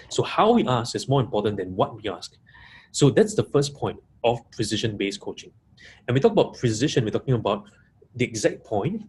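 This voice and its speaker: A coaching trainer gives a webinar talk to coaches in a live audience room, repeating key points and stressing single words. His mid-range voice is a little mellow, with a slight hiss or hum.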